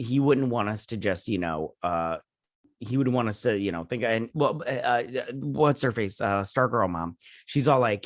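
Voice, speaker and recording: Recapping a TV episode as reviewer and host, this man rambles casually, leans heavily on fillers, and keeps forgetting names. His voice sits fairly low with a touch of brightness, captured at studio quality without echo.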